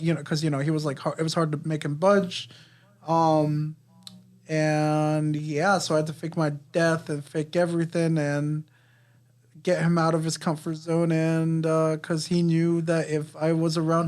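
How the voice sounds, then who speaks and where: A man's voice: on the high side, fairly even intonation, moderate pace, a little mellow. A man co-hosting a podcast, casually recapping a movie plot in a rambling way, swearing and laughing. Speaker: podcast co-host. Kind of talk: casual movie review chat.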